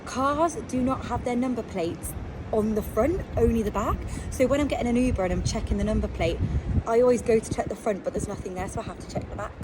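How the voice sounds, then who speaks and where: A woman's voice: a little high, quick pace. English woman reporter vlogging over street noise. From England. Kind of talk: casual vlog monologue.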